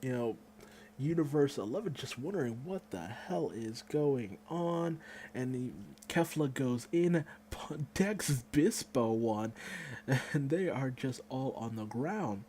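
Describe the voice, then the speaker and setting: A man giving a casual, excitable manga chapter review, swearing freely and acting out the characters' lines. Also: medium pitch, slow, slight background noise.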